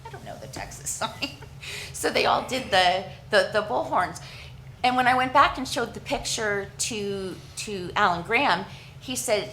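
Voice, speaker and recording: A woman from Canada giving an earnest, halting presentation at a council meeting, with frequent restarts and fillers. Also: medium pitch, big pitch swings, fairly bright tone, slight background noise, low-quality recording.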